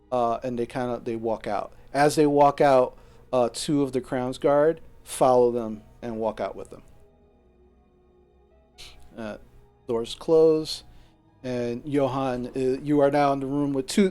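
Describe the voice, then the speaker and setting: A man's voice: medium pitch, warm tone, smooth. A man narrating a tabletop game as game master, hesitant and full of fillers.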